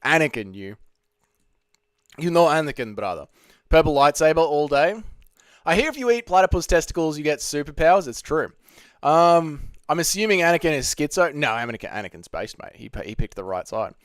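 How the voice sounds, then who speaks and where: Reading his chat's questions aloud, a man riffs and jokes through his answers on a casual livestream from home. The studio-quality recording is dry, and his slightly high voice moves at a moderate pace with lively intonation.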